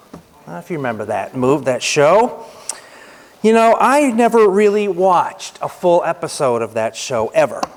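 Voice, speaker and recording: A man preaching a sermon as pastor in a conversational way, with lively shifts of emphasis. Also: a little high. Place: church sanctuary. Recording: reverberant church hall.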